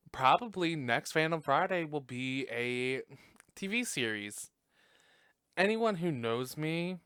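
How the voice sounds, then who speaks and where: A man's voice: mid-range voice, a bit bright, clean tone, no echo, clean studio sound. A young adult man hosting a podcast, recapping a movie in a casual, profane way and laughing often. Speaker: podcast host.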